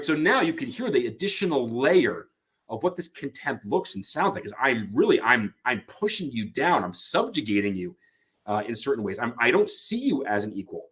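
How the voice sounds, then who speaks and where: Male lecturer, animated pitch, plays out example lines mid-talk, frequent self-corrections. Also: normal speed. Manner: acts out quoted lines, frequent restarts and fillers. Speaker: couples therapy lecturer. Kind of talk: explanatory talk on couples therapy.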